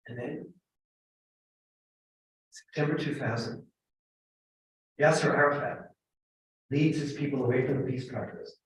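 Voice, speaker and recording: A middle-aged man, a professor giving a humorous storytelling talk, animated and joking with bursts of emphatic shouting. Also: mid-range voice, measured pace, long pauses. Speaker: guest lecturer, professor. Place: large echoing temple hall. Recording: echoey hall from far off.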